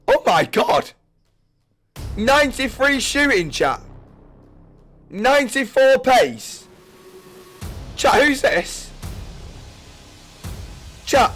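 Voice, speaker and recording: A young man from England commentating his own video game live, swearing freely and yelling when excited. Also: very high-pitched, takes it slowly, pauses often, faint music behind. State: voice going hoarse. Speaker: gaming streamer.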